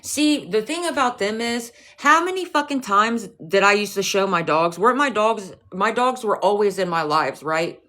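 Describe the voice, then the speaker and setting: A woman's voice: medium pitch, moderate pace, few pauses, bright, forceful tone. A woman livestreaming, talking back to her chat in a profane, confrontational, scolding rant.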